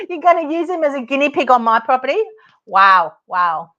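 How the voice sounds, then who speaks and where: A middle-aged woman with an Australian accent, hosting a podcast and telling a story in a casual, animated, exasperated way, laughing often and swearing now and then. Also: high voice, a little fast. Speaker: podcast host, property advocate. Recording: dull lo-fi podcast audio.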